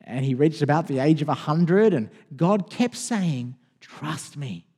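A male pastor preaches in a loose, conversational way, often stopping to restart a phrase. His voice sits a little high, swings widely in pitch and has a mellow, warm tone. It rings with the long reverb of a church hall. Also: unhurried, breathy edge. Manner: conversational and expressive, with frequent restarts. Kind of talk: sermon.

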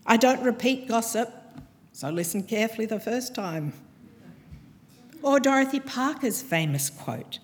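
Woman giving a sermon, slow and earnest, echoey church hall. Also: a little high, expressive. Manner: measured, earnest delivery with pointed pauses. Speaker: preacher. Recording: long hall reverb from a church.

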